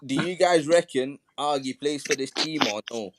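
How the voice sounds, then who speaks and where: A man's voice: on the high side, normal speed, background noise. A man hosting a casual live-stream discussion, chatty and moderating turns, often restarting his sentences. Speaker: host.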